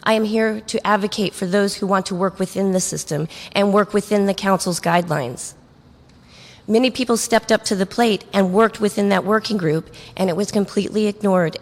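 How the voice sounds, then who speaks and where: Earnest woman addressing a council. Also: mid-range voice. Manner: earnest, firm, slightly halting. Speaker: public commenter. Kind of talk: public comment at a city meeting. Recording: echoey council chamber.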